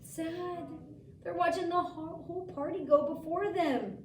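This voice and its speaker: A woman's voice: very high voice, normal speed, a little hiss or hum. Woman teacher reading aloud, echoey far mic. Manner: gentle questioning, lively story voices. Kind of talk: reading a picture book aloud to a child. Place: school room.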